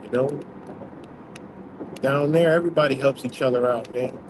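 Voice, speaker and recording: A man's voice: mid-range voice, fairly even intonation, normal speed, background noise. A man hosting a livestream, talking bluntly in a rambling, profane, casual rant, apparently from inside a vehicle. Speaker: livestream host.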